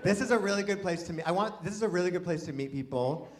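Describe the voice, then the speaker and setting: Higher-voiced man doing self-deprecating stand-up. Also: fast talker, crowd noise. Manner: chatty, self-deprecating, playful asides. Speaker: stand-up comedian. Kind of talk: stand-up comedy set. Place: live comedy venue with an audience.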